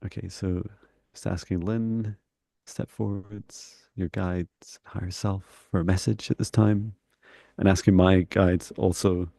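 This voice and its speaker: Gravelly low-voiced man, dry sound. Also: measured pace, no echo. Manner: relaxed, chatty, laughs between thoughts. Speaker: psychic mentor and co-host. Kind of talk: live-stream casual chat.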